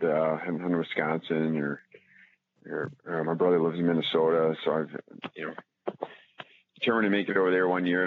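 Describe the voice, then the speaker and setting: A man's voice: a bass voice, a little hiss or hum. A man telling hunting stories as a podcast guest in a rambling, casual way, with lots of fillers and restarts. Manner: rambling, many restarts and fillers, animated when retelling. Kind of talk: casual storytelling. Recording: tinny phone-line audio.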